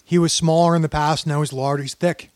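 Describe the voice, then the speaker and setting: A man's voice: fairly high pitch, little pitch movement, a little mellow, no room sound. A man co-hosting a podcast, joking and teasing in casual chat. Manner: joking, teasing, quick asides. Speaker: podcast co-host.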